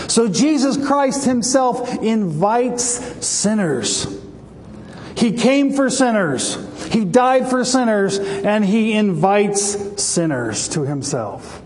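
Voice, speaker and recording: A male preacher with a high voice delivers a passionate sermon and lifts his delivery when he quotes scripture. A long reverb trails each phrase, as in a large hall. A faint noise stays under the voice. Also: very animated, takes it slowly, darkish tone. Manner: passionate, rises for scripture quotes, some restarts.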